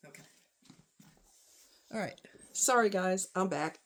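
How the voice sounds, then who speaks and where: A woman's voice: medium pitch, takes it slowly. Emotional woman telling a personal story. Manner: emotional, tearful at times, rambling with fillers.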